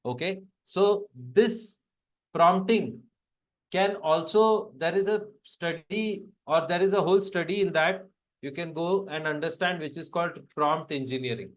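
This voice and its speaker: A man's voice: on the high side, a little slow. A man instructor teaching a live webinar, repeating key phrases and checking in with "right?" and "okay" as he explains.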